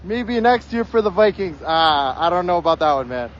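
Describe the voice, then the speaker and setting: Hoarse, excited high-voiced young man. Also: normal speed, muffled recording, slight background noise. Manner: excited, breathless, yelling shout-outs. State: hoarse from shouting. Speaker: livestreamer. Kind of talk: live stream reading out viewer donations. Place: outdoors on a snowy city street.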